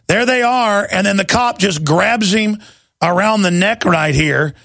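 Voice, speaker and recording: A high-pitched, gravelly man hosts a radio talk show with an impassioned, ranting delivery. His voice is rough and husky. It sounds dry and close on a studio microphone. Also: a little slow, a bit bright, dry recording. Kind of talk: heated talk radio monologue.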